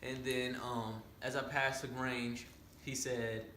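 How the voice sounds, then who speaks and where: A man, a student pilot, telling a story in a casual way, rattling off radio calls in quick aviation jargon and explaining the terms. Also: mid-range voice, level tone, bright, forceful tone, reverberant, a little hiss or hum. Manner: explains terms to a listener, often asking "right?".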